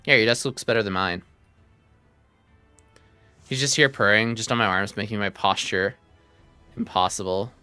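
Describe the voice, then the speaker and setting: Brief: male game streamer, low bright voice, dry close mic, faint music underneath. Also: normal speed, pauses often, smooth, no echo. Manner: joking, talks to chat and himself. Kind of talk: casual gameplay chat.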